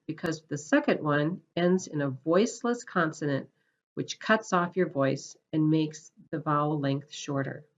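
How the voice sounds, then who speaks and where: A woman's voice: fairly low pitch, a little mellow. A woman with a North American accent teaching pronunciation, carefully enunciating word pairs for learners to repeat. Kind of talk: slow, clear teaching delivery. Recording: slightly dull lo-fi audio.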